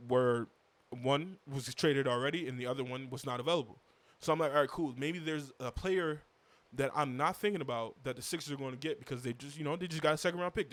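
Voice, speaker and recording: A young man recapping the day alone in a casual style, frustrated and rambling, often repeating himself as he vents. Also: mid-range voice. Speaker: basketball commentator and fan.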